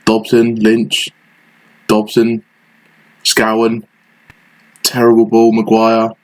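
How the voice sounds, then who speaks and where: A man's voice: fairly low pitch, completely flat delivery, takes it slowly, low-quality recording. A man giving frustrated, sarcastic play-by-play commentary over a football management game he is playing. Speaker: gaming channel host.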